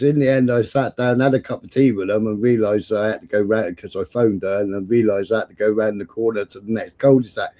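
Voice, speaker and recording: A man, his voice warm and mellow, telling rambling, profane stories on a livestream. He swears often and circles back, saying things again and again. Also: fairly low pitch, a little fast, hardly any pauses. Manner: rambling, profane, repeats himself. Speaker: livestream host. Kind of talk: casual chat and storytelling.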